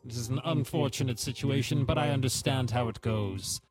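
A man voicing a youthful male river spirit in a tabletop game, calm, courteous and welcoming. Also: mid-range voice, a little fast, slightly rough, faint music behind, natural voice. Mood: gracious. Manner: gentle, courteous greeting.

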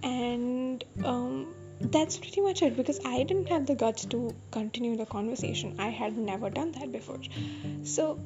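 A woman's voice: a little high, moderate pace. A woman hosting a podcast who tells a personal story in a candid, self-deprecating, rambling way. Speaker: podcast host. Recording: dull lo-fi audio with music behind. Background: music.

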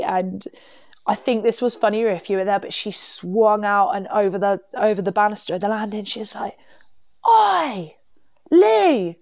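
A woman tells a long personal story to her viewers, wandering off on asides and piling up fillers as she goes. Her voice sits at an ordinary middle pitch for a woman. The recording is dry and close, with no room echo. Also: a little mellow. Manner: chatty, rambling, full of fillers and asides. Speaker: vlogger. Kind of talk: casual storytime monologue.

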